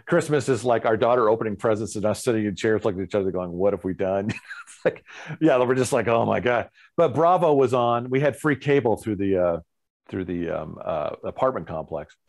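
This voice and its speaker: This man, appearing as a guest musician, spins an animated tale during a relaxed interview and acts out what others said. He speaks in a lowish register.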